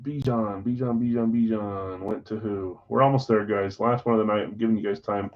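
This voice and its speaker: A man's voice: on the low side, steady tone, a little fast. Guy running a live card stream, rambling and casual, calls out names, kinda muffled lo-fi audio. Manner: casual, scattered, self-deprecating, reads off buyers' names. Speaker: card break host.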